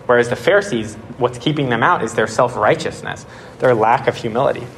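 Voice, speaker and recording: A young man preaches in a relaxed, chatty way and tells a personal story with growing excitement. His voice sits at an ordinary pitch and is full of "like"s. A faint hiss of room noise sits behind him. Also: fairly quick. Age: 20s. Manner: animated storytelling, many "like"s. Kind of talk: casual sermon.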